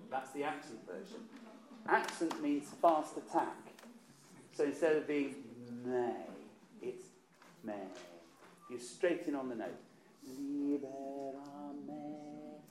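A man coaching a choir, chatty and encouraging, often repeating words as he thinks. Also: mid-range voice. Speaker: choir director. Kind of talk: choir rehearsal instruction. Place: rehearsal hall. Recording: echoey room with choir around.

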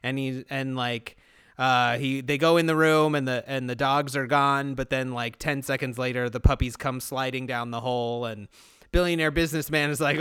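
A man's voice: mid-range voice, steady tone, moderate pace, a bit bright, clean tone, no echo, clean studio sound. A man co-hosting a podcast, sarcastically recapping a movie in a rambling way with lots of restarts. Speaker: podcast co-host. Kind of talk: casual movie recap chat.

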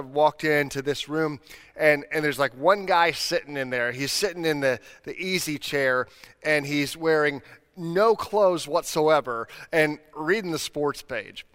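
A middle-aged male pastor preaching a sermon in a relaxed, conversational storytelling way, laughing at himself as he goes. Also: a little high, clear, resonant tone. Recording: long hall reverb.

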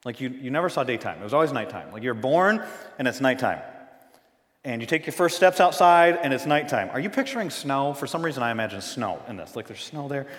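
A man preaching a sermon as pastor, conversational, swinging between loud emphasis and hushed moments, recorded in a church sanctuary. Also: mid-range voice, very animated, fairly quick, big-room sound.

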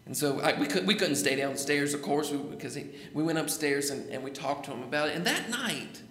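A man's voice: fairly high pitch, expressive, a little fast, a bit bright. A middle-aged man, a pastor preaching a sermon in church, repeating his phrases and calling for amens. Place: church sanctuary. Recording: echoey church hall.

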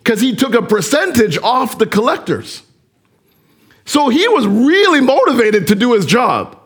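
A man preaching a sermon as pastor, animated and addressing the congregation with direct questions. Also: very high voice, measured pace, husky.

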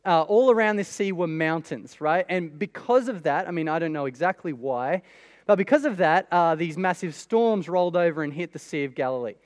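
High-voiced man preaching. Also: a little fast, in a large hall. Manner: conversational preaching, rhetorical questions. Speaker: pastor. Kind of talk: sermon.

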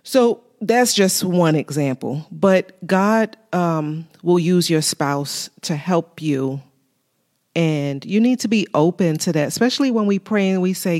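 A woman's voice: fairly low pitch, unhurried, darkish tone. A woman co-hosting a faith talk show with her husband, speaking candidly and with humor about marriage.

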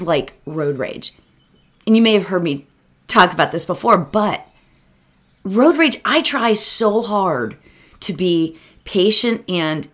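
A meditation teacher gives a reflective solo talk in a lowish, lively voice that rambles earnestly. She addresses the listener directly and sounds emotional, close to tears.

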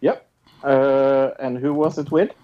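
Man, slow, hesitant, lots of fillers, muffled lo-fi sound, podcast chat. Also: mid-range voice, fairly even intonation, mellow. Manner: hesitant, full of filler sounds and repeated words. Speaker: podcast co-host. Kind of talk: casual chat. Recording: dull lo-fi recording.

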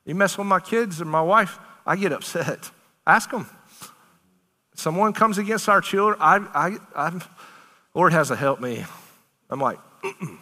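A man's voice: high voice, a little slow, long reverb tail. A man preaching a sermon to a congregation, emphatic and conversational, talking in a casual, down-to-earth way. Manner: animated, emphatic, conversational preaching with Southern turns of phrase.

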